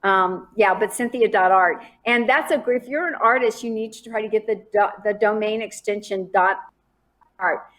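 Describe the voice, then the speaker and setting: Animated woman telling a story. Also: medium pitch, normal speed. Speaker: guest. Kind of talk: storytelling in a podcast interview.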